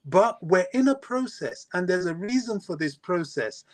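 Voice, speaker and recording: A man's voice: high-pitched, animated, moderate pace. A man calling into a fan stream, making an earnest, emphatic case at length. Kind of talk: impassioned opinion.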